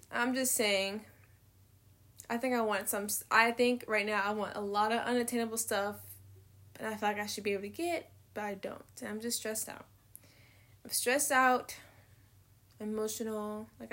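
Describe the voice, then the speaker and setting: A woman's voice: mid-range voice, fairly bright tone. A young woman vlogging in a casual, candid monologue, rambling between thoughts, swearing freely and laughing often.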